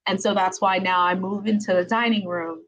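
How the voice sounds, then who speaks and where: A woman's voice: medium pitch, fairly even intonation, a little fast, a bit bright, rough recording. A middle-aged woman hosting a live-streamed interview podcast from home. She chats casually and laughs often, with many ums and tag questions. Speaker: podcast host, attorney.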